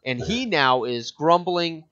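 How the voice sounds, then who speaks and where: A man's voice: a little high, lively intonation, slow, sharp tone. Guy running a tabletop game, lots of uhs, kinda muffled audio. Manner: loose, filler-heavy narration. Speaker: game master.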